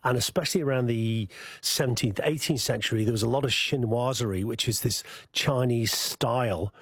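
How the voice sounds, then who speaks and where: A man's voice: mid-range voice, normal speed, husky, dry recording, studio quality. A man with a Scouse accent, a guest chef on a radio show, chatting casually and giving practical cooking tips with many restarts.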